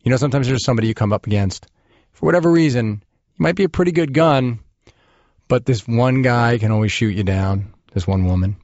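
A podcast host interviews someone in a relaxed chat, speaking earnestly with lots of fillers and restarts. His voice sits in the mid range and is brisk and slightly mellow. The recording is muffled, with no room sound.

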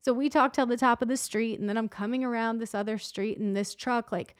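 Woman podcast co-host, lively storyteller who does little voices for the people in her stories; slightly high pitch. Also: fairly quick, no echo, clean studio sound. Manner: animated, acts out quoted voices in a higher pitch. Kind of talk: casual storytelling chat.

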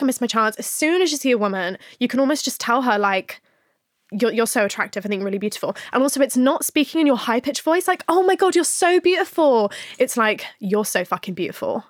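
A woman's voice: a little high, no echo, studio quality. A woman hosting a podcast, talking frankly in a casual chat, swearing freely and laughing often. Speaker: podcast host.

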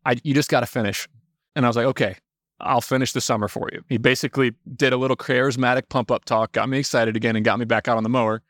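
A young adult man, a podcast guest, telling animated stories in casual talk, swearing freely and acting out quotes. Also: mid-range voice, fast talker, no room sound, clean studio sound. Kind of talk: casual storytelling.

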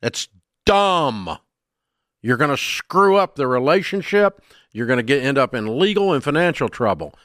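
A man's voice: medium pitch, very animated, fairly quick, fairly bright tone, no echo. An older man with a Southern drawl hosts a radio talk show and delivers a blunt, scolding rant on a close studio mic. His voice is dry and close, with no room around it.

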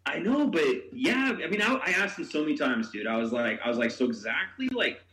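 Animated storytelling man in an echoey room. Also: a little fast. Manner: animated, acts out quotes with big pitch jumps, swears, laughs. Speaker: podcast host. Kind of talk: casual storytelling chat.

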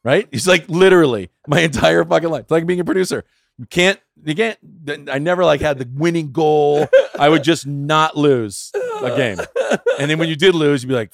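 A man's voice: a little high, moderate pace, vocal fry, no room sound, studio quality. A man in his forties from California, a guest telling stories in a casual podcast chat, self-mocking and swearing often. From United States. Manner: profane, self-mocking storyteller. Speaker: guest, film producer.

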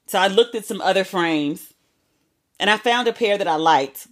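A woman in her thirties hosting a podcast, chatting casually and telling animated stories with frequent asides. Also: medium pitch, moderate pace. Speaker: podcast host. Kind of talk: casual solo chat.

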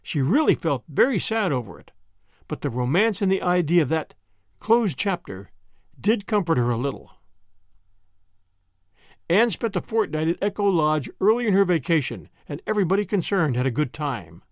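Man, audiobook narrator, scripted narration, expressive, high voice, dry close sound. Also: normal speed, no room sound.

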